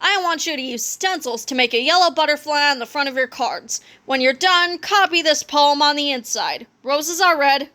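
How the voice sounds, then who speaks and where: Storybook read-aloud: a woman playing a strict, mean old teacher who snaps at the class; high, bright. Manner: snapping, shouting orders. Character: mean strict older female schoolteacher.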